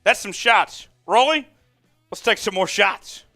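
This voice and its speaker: A man's voice: high voice, expressive, measured pace, bright, forceful tone, soft background music. Amped-up man hosting a live game stream. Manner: amped, hyped, calls plays and reads chat. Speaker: host. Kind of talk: live sports watch-along stream.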